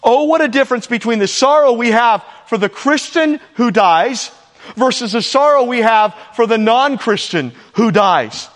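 A male pastor delivers an earnest sermon in a high, light voice. He leans on rhetorical questions and repeats key lines for weight. His words ring out with a long reverb, as if filling a large sanctuary. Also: lively intonation, normal speed. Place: church sanctuary.

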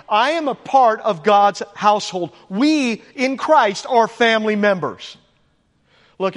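A man's voice: very high-pitched, fairly bright tone. A man preaching a sermon to his congregation, emphatic, rising for stress and asking the room questions. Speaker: pastor. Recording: echoey church hall with long reverb.

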